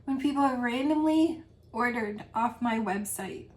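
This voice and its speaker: A woman vlogger with a grown daughter speaks a little slowly in a fairly high-pitched voice. In a casual, rambling heart-to-heart, she talks earnestly and emotionally about selling home fragrance.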